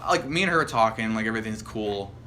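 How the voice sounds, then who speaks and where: Young man ranting, bright voice. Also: on the low side, lively intonation, quick pace, a little hiss or hum. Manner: rambling storyteller, heavy swearing, mocking quoted voices. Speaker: podcast co-host. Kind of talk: casual chat.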